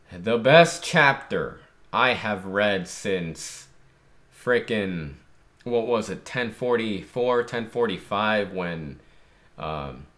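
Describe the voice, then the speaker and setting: A man giving excited, casual commentary while reacting to a comic chapter, hyped and animated, often saying "dude". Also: lowish voice. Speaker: manga reaction streamer.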